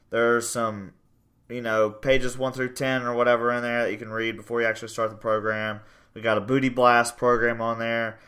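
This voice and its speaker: Bright, clear-voiced male coach. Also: mid-range voice. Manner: loud and excitable, bursts into yelling. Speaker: podcast host and strength coach. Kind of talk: casual podcast chat.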